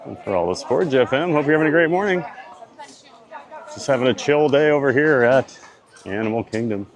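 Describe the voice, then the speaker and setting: A man with a Louisiana accent live-streaming from a theme park, reading and answering chat viewers in a relaxed way. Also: medium pitch.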